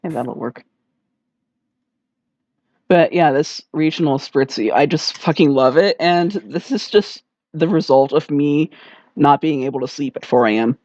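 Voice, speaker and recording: A man's voice: on the high side, expressive, a little slow, long pauses, a little mellow. A man co-hosting a podcast in casual chat, laughing often and swearing casually. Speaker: podcast co-host. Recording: dull lo-fi dry sound.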